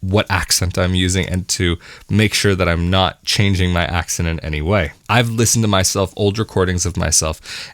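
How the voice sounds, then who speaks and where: A man's voice: deep voice, dry recording, clean studio sound. A young American man from the West Coast, talking to camera in a thoughtful, musing vlog and correcting himself as he goes. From West Coast of the United States. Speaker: vlogger. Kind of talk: reflective solo talk to camera.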